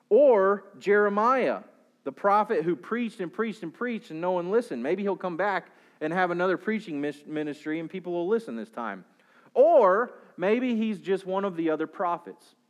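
Pastor, male, mid-high register; preaches an explanatory sermon, varies pace and volume. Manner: explanatory preaching with rhetorical questions, pace and volume rising and falling.

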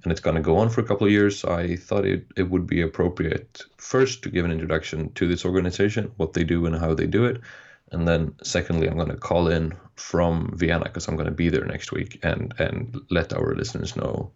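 A man co-hosting a podcast in casual chat, explaining things in halting, restarting phrases. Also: low-pitched, fairly even intonation, vocal fry, darkish tone. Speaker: podcast co-host. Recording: dull lo-fi podcast audio.

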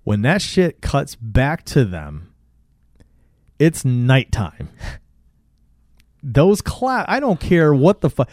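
Um homem numa conversa casual, recontando um filme com energia, xingando bastante e imitando as falas dos personagens. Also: male voice, medium pitch, drawn-out words, pauses often, no room sound, studio quality. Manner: animated retelling, swears a lot, acts out lines. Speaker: podcast co-host. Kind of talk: casual movie recap chat.

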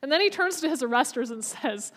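Brief: young woman preaching, casual and conversational, high voice. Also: expressive, fairly quick, a bit bright. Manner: chatty, conversational, frequent restarts. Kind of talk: casual storytelling sermon.

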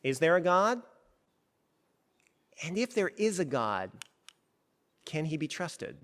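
A male preacher with a fairly high voice delivers a sermon in an animated, conversational way. His pitch swings widely as he restarts and rephrases often. A long reverb trails his voice through the large hall. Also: takes it slowly.

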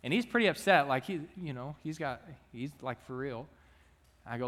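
A man's voice: mid-range voice, expressive, moderate pace, fairly bright tone, big-room sound. A young man and student minister giving a chatty, joking sermon to his church. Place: church sanctuary.

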